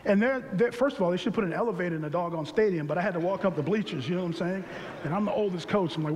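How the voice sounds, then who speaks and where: High-voiced guy in his forties telling his life story, gets loud and jokey, big hall echo. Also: very fast, slight background noise. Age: 40s or older. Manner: emphatic, excited and humorous, shouting some words. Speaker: speaker sharing his health story. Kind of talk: animated personal testimony.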